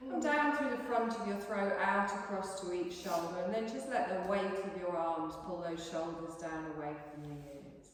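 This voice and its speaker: A woman teaching a yoga class, guiding a calm relaxation in a soothing, gently coaxing voice. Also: lowish voice, moderate pace, hardly any pauses, a little hiss or hum. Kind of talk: guided relaxation instruction. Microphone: distant room mic. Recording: echoey hall from far off.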